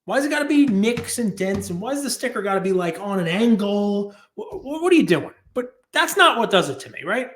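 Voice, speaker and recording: A man hosting a casual hobby podcast, talking in an animated, ranting way and often breaking into laughter. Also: high voice, brisk, hardly any pauses. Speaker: podcast host. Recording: roomy echo.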